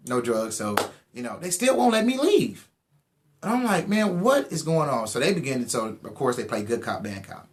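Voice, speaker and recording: A young man, giving a casual and animated personal testimony and acting out the dialogue. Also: mid-range voice, moderate pace, background noise. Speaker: testimony speaker.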